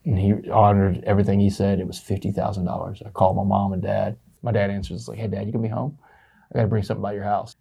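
A middle-aged man, a motivational speaker telling his story in an interview, animated and fast, often saying "man". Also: on the low side, gravelly, breathy edge. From Texas, USA.

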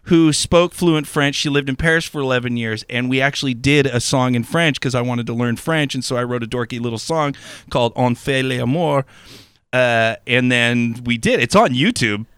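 A middle-aged man telling a profane, animated comic story on a podcast, acting out voices along the way. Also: mid-range voice, normal speed, clean tone, dry recording. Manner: profane, animated, acts out voices in his anecdotes.

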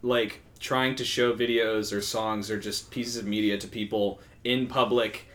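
A young man co-hosting a casual chat podcast, teasing his friends in a wry, deadpan way. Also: lowish voice, measured pace. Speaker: podcast co-host.

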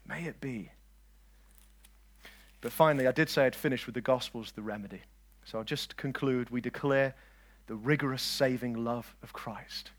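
A man preaching a lively sermon, swinging between loud declarations and quiet asides and joking with his listeners. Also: medium pitch, normal speed. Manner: jokes with the audience.

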